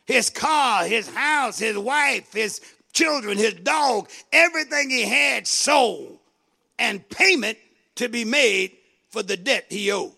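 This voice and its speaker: High, gravelly-voiced impassioned preacher man. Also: expressive, takes it slowly, sharp tone. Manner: impassioned, acts out the servant's pleading. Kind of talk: sermon.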